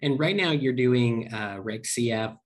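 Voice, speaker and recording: A man's voice: medium pitch, unhurried. A man hosting an interview, asking friendly, curious questions about investing. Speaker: interview host.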